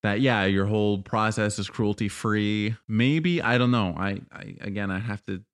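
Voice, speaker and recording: A man in casual podcast talk, explaining his point in a measured way and walking through examples with some fillers. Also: fairly low pitch, no room sound. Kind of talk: casual chat.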